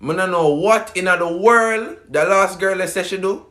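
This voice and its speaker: A man's voice: high-pitched, moderate pace, pushed and bright. A Jamaican man doing a playful, emphatic accent challenge, scolding others. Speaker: tiktok creator.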